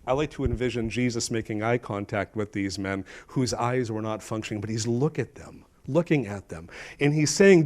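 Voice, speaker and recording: A middle-aged male pastor preaching a sermon in a church, emphatic, questioning his congregation and swinging between loud and hushed. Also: mid-range voice, moderate pace, hardly any pauses. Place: church sanctuary.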